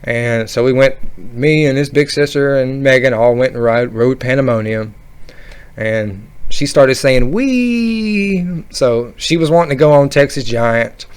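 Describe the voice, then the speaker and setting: A man telling a funny roller coaster story in a casual, rambling, animated way. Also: mid-range voice, measured pace, clear, resonant tone. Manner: rambling, animated, laughing at his own story. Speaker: vlogger.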